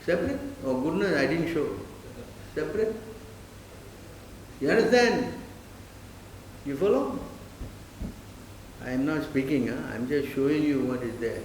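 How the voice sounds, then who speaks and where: A man's voice: on the high side, unhurried, pauses often. A man giving a sermon in a temple hall. He keeps checking with his listeners and asks them short questions. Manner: quizzing the audience with repeated "Understand?" and "Huh?"; mimics others in brief put-on voices. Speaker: preacher. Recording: roomy hall with faint hiss.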